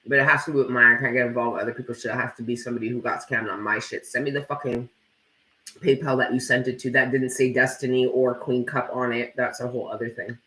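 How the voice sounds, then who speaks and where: Hosting a tarot live stream, a man reads viewer comments aloud in a medium-pitched, flat voice, talking fast with a pushed, bright tone. He chats bluntly and casually, swearing plenty and using "like" often, in a reverberant, rough recording.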